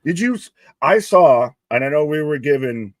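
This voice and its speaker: A man's voice: on the high side, expressive, normal speed, dry recording. A man co-hosting a live wrestling watch-along, joking around, laughing and swearing freely. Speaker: co-host.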